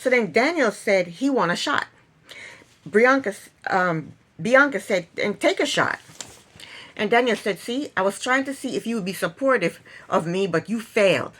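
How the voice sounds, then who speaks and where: A woman's voice: medium pitch, lively intonation, normal speed, a bit bright. A woman casually recapping a reality TV episode, chatty and opinionated, retelling scenes and acting out quotes.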